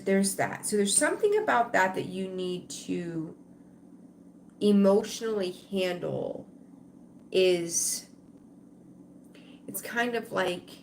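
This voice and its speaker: A woman's voice: medium pitch, slight background noise. A woman giving a live-streamed tarot reading, rambling conversationally and talking straight to her viewers. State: tired, yawning. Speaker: tarot reader.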